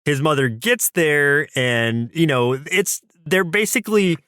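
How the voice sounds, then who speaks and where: A man's voice: a little high, lively intonation, a little slow, bright, forceful tone, clean tone, dry recording, clean studio sound. A man co-hosting a cartoon podcast, recapping episodes in a thoughtful, casual way with some restarts. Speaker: podcast co-host. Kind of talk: casual chat about cartoons.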